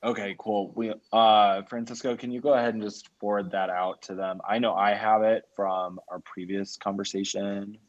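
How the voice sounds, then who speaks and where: A man chairing an online public meeting. He talks in a relaxed, conversational way and calls on speakers by name. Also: lowish voice, moderate pace, few pauses. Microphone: video call. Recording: muffled lo-fi call audio.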